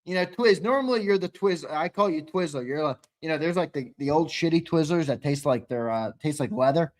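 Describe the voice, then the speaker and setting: A man on a live sports talk stream with a somewhat high voice. He is brash and profane, mocking his co-hosts as he goes. He gets loud and animated in his rants. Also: a little fast. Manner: loud and animated when ranting. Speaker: sports talk show co-host.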